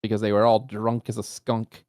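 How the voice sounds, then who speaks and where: A man's voice: on the low side, monotone, moderate pace, darkish tone, no room sound. Man joking around in dry voice chat. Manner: chatty, joking asides. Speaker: co-player. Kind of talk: casual gaming chat.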